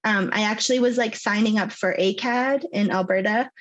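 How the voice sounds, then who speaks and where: A woman's voice: medium pitch, normal speed, low-quality recording. A woman in her thirties from Cyprus, with a mixed Cypriot English and Canadian accent, chatting casually as a podcast guest, often saying um and like. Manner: chatty, laughs often, many fillers like um and like. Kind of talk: casual interview chat.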